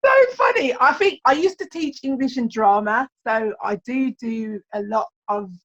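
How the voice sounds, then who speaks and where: A woman guest on a podcast chatting casually, lively and theatrical, laughing often. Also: on the high side, normal speed, dull audio. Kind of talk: casual chat.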